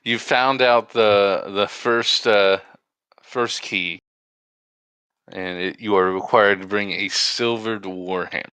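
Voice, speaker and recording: A man narrating as game master of a tabletop game, in a halting, stop-and-start way. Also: fairly low pitch, steady tone, bright, forceful tone, smooth, no room sound.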